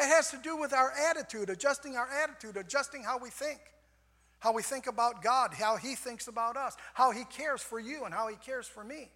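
An older man preaching a sermon in a folksy way, repeating "amen" and swinging from soft passages to shouts. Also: very high voice, a little fast. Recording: long hall reverb.

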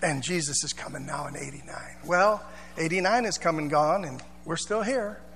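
A man's voice: a little high, normal speed, fairly bright tone, in a large hall, slight background noise. A male pastor preaching a sermon in a church, chatty and informal, with asides and call-and-response.

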